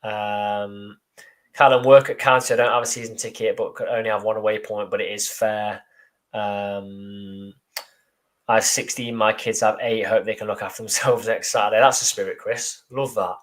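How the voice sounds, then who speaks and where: Deadpan man hosting a football fan show. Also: on the low side, moderate pace. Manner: dry deadpan joking, reads out viewer comments. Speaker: podcast co-host. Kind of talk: casual live fan show chat.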